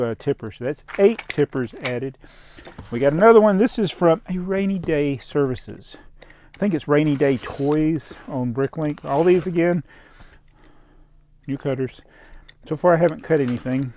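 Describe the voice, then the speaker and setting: A man of medium pitch talks his way through an unboxing in loose, rambling vlog chat. He thinks aloud and chuckles often, wandering from one thought to the next. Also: dark tone, slight background noise. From American South. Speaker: toy collector vlogger.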